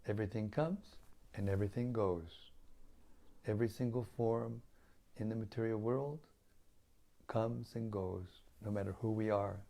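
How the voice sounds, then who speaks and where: An older man with a raspy, gravelly voice that sits low and mellow. He talks gently and humbly, reflecting as a spiritual teacher who answers listeners over an online call. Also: fairly even intonation, measured pace, long pauses. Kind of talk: casual devotional chat after a reading.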